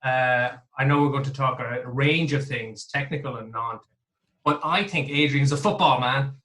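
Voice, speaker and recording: An Irish man hosts his podcast in a jovial, chatty way, poking fun at himself as he goes. His voice is bright and forward, pitched in the middle. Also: normal speed. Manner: jovial, chatty, self-deprecating. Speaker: podcast host. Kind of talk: casual podcast chat.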